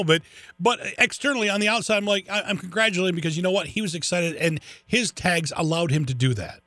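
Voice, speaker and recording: A man's voice: sits high, fast, no echo. Chatty male radio host, dry studio sound. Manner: chatty, animated storytelling with restarts. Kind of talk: casual radio interview.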